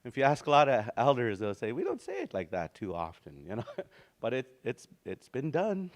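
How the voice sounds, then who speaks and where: A man's voice: mid-range voice, huge pitch swings, normal speed. A man teaching a small language class in a classroom, talking loosely and chuckling, singing out words as he explains them. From Canada.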